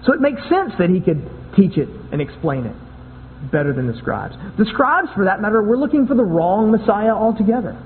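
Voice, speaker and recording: A man's voice: sits high, very animated, brisk, slight background noise. A man preaching a sermon in a conversational way, often repeating and restarting words. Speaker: pastor. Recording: tinny phone-like sound with long hall echo.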